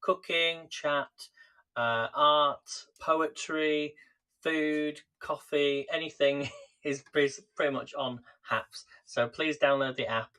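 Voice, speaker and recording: A man's voice: fairly high pitch, takes it slowly, bright, forceful tone, clear, resonant tone. A man hosting a live cooking stream, chatting casually and greeting viewers by name, recorded in a home kitchen on a camera set on a tripod.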